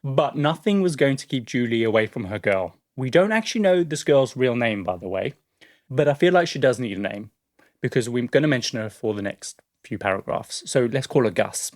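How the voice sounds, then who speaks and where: A man telling a story on a podcast, easy and chatty. He laughs often and drops casual fillers as he goes. His voice sits at a middle pitch and sounds dry and close. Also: lively intonation, brisk, no echo. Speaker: podcast co-host.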